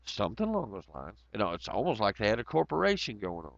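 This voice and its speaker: A man's voice: lowish voice, wildly swooping pitch, fast, vocal fry, fairly bright tone, no echo. A man hosting a casual livestream, reading chat comments aloud and rambling in a profane, sarcastic way. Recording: dull lo-fi audio.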